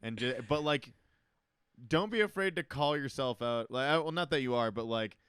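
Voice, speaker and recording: A young man co-hosting a comedy podcast, talking bluntly with lots of swearing and animated storytelling. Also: mid-range voice, normal speed, clean tone, no echo, clean studio sound. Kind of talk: casual chat.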